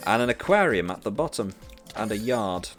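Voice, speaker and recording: A Norwegian man speaks English with a British accent he learned growing up. His voice sits on the low side as he chats casually, stopping and restarting often, with faint music in the background. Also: very animated, normal speed, fairly bright tone. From Norway. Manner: hesitant, many fillers and restarts. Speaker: streamer, teacher. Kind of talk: casual chat while gaming.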